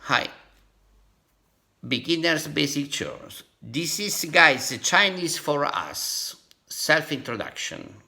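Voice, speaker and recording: An Italian-accented man from Italy thinking aloud as a vlogger, halting and repeating syllables over and over to practice tones. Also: on the high side, sing-song, vocal fry, pushed and bright. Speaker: language-learning vlogger.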